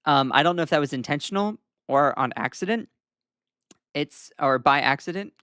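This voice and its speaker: A man's voice: on the high side, lively intonation, normal speed, pushed and bright, clean tone, no echo, studio quality. Chatty Southern man hosting news commentary. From Southern United States. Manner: casual, chatty, frequent "um" fillers, wry asides. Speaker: host.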